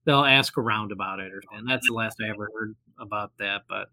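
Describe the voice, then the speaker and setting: A man's voice: fairly low pitch, a little fast, pushed and bright, no room sound. A man telling a personal story in casual chat, rambling with many fillers and restarts and acting out the voices he quotes. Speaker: guest storyteller. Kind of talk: casual anecdote.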